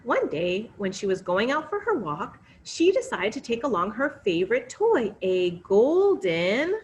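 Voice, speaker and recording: A woman telling a fairy tale to children, expressive and coaxing, inviting them to join in. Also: fairly high pitch, measured pace, slight background noise. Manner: expressive, coaxing, sing-song. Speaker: children's storyteller. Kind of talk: interactive read-aloud for children.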